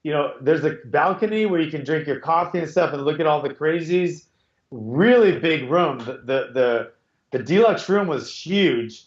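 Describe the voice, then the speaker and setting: A man's voice: on the high side, expressive, normal speed. A middle-aged man with a slightly raised voice tells a rambling story over a video call, circling back and restarting his sentences as he goes. The audio is dull and muffled, and his voice rings in an echoey room. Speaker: podcast host. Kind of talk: casual chat.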